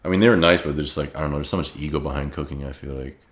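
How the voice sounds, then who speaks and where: A man's voice: rumbling low, racing. A man hosting a casual podcast chat, laid-back and rambling, often leaning on "like". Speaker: podcast host.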